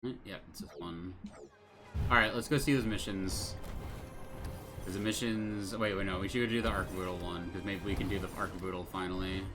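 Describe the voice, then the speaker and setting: A man's voice: low-pitched, fairly even intonation, brisk, over music. A young man giving casual let's-play commentary, rambling, sarcastic and swearing casually.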